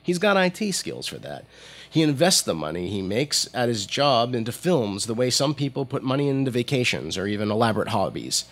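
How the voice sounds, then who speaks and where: A man narrating a commentary in an opinionated, lively way. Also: mid-range voice, a little fast.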